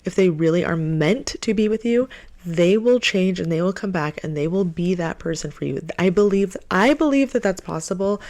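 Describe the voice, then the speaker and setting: A woman talking to her viewers in a heartfelt advice vlog, earnest and animated, repeating phrases for emphasis. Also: lowish voice, normal speed. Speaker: relationship advice vlogger.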